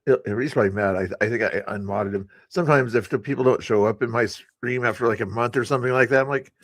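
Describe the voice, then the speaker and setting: A man's voice: mid-range voice, quick pace, hardly any pauses, dry recording. A man hosting a live stream, chatting casually about politics and his viewers in a rambling way, with many fillers and chuckles.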